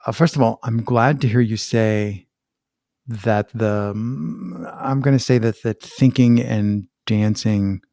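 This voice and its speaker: A man hosts a conversational podcast in a somewhat low voice. He riffs on ideas with animated, self-mocking asides and frequent laughter. The sound is dry, with no room reverb. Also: takes it slowly, vocal fry. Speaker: podcast host.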